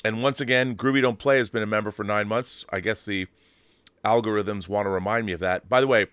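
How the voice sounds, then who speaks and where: A man hosts a live stream, reading out viewer messages in a chatty, joking way. His voice is on the low side, and the sound is close and dry with no room echo. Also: fairly even intonation, brisk, fairly bright tone, smooth. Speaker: host. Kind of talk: casual live-stream chat.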